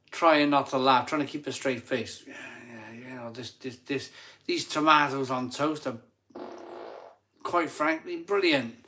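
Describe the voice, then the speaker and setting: A middle-aged man hosts a casual live stream a few beers in, reading viewer comments while tipsy. His medium-pitched, fairly bright voice is chatty and rambling, with restarts as he laughs and mocks himself.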